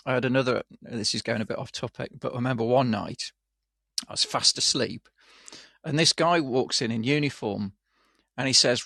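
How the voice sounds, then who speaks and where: Brief: man, gravelly voice, dry close mic, rambling storyteller, casual podcast chat. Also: mid-range voice, normal speed, fairly bright tone, dry recording. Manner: rambling storyteller, acts out quoted voices, laughs often. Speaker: podcast co-host.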